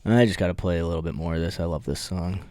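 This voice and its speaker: A man's voice: sits low, quick pace, a loud crowd. A man co-hosting a podcast, chatting casually and rambling with many restarts while he rates a beer. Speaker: podcast co-host.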